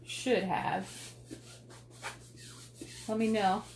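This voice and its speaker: Lady in her 30s doing a live craft demo, slow easy talk, little bit of room hiss behind. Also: medium pitch. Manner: chatty, excitable, talks to viewers by name. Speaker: craft demonstrator.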